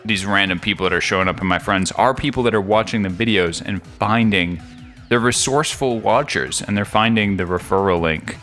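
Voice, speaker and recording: A man hosting a game video, chatting casually and thinking out loud in a rambling, jokey way. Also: fairly low pitch, brisk, soft background music. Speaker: gaming video host.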